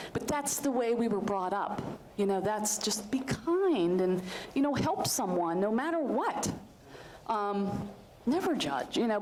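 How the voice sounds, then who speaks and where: A woman's voice: medium pitch, a little hiss or hum, rough recording. A middle-aged woman from Western Pennsylvania, hosting a community show and telling personal stories in a chatty, rambling way. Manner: chatty and warm-hearted, rambling with many asides and fillers. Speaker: host of a community access style show. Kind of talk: casual storytelling to a group.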